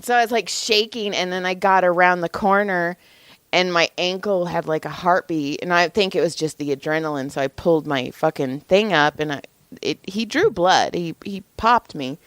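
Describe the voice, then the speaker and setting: A young adult woman co-hosting a podcast, telling a story in casual chat with lively acted-out quotes and frequent swearing. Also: lowish voice, normal speed, dry recording. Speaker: podcast co-host.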